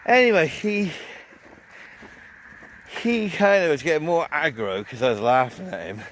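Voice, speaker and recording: A man's voice: on the high side, lively intonation, measured pace, a bit bright, slight background noise. A man vlogging a casual, rambling festival review, swearing often and telling a story full of fillers.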